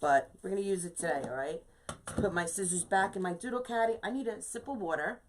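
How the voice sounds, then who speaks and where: A woman's voice: medium pitch, quick pace, a little hiss or hum. A woman hosting a casual live-streamed wreath-making tutorial, chatting to viewers, greeting them by name and checking in with "okay?" from a home craft space. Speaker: craft livestream host.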